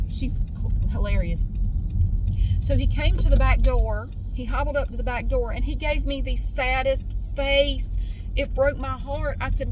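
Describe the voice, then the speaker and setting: A woman's voice: high voice, measured pace. A middle-aged woman tells a rambling, exasperated story in a casual vlog, talking in a chatty way. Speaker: vlogger. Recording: steady outdoor traffic noise.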